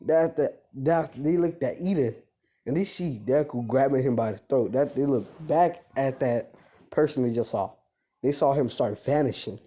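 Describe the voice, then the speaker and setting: A man improvising a fan-fiction story out loud, rambling and correcting himself, in slangy casual speech. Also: mid-range voice, normal speed, slightly rough.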